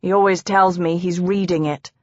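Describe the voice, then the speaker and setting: A woman's voice: on the low side, steady tone, moderate pace, no echo, lo-fi sound, close to an everyday voice. A woman voicing an easygoing young man who asks light, curious questions. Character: cheerful young brother, easygoing.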